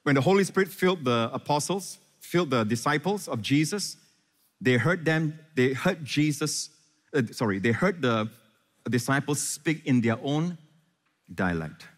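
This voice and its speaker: A man's voice: on the high side, animated, moderate pace. Impassioned male preacher in a hall. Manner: impassioned preaching, swinging from loud questions to hushed reassurance. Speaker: pastor. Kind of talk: sermon.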